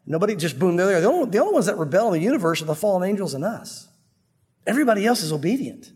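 A high-voiced man preaches in a husky tone, his words ringing with the long reverb of a large hall. He talks conversationally and with animation, and now and then drops suddenly to a hush. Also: big pitch swings, very fast. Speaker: pastor. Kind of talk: expository sermon.

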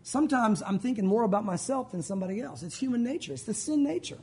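A man's voice: sits high, animated, fast, a little mellow, breathy edge. A man preaching a sermon as pastor, earnest and direct, often calling his listeners "guys".

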